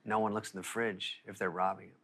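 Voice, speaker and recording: Bright-voiced man chiming in. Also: fairly low pitch, level tone, quick pace. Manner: brief agreeing interjections. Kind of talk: casual chat.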